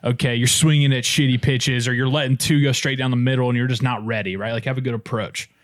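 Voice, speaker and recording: A man's voice: mid-range voice, fairly even intonation, fast, no echo. Joking young man, dry close mic. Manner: joking, acts out angry coaches in raised voice. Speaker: podcast co-host. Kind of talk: casual chat.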